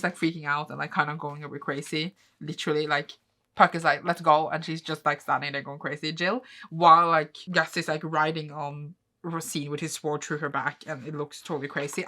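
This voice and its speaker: A woman's voice: low-pitched, sharp tone. A young woman casually recapping manga chapters at home on her vlog, rambling with lots of fillers. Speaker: manga reading vlogger.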